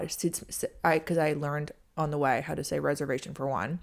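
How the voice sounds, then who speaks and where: A woman's voice: deep voice, steady tone, a little fast, vocal fry. Chatty young woman telling a story. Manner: chatty, heavy use of "like", drops to hushed asides. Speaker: podcast host. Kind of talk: casual storytelling monologue.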